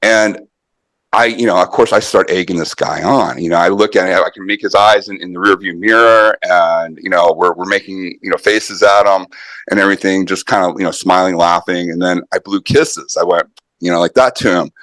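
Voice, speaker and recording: Middle-aged male guest, low-ish voice, dry close mic, animated storyteller with fillers. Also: a little fast, no room sound. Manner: animated anecdote-telling with many fillers and restarts. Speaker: podcast guest, martial arts author. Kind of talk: conversational storytelling.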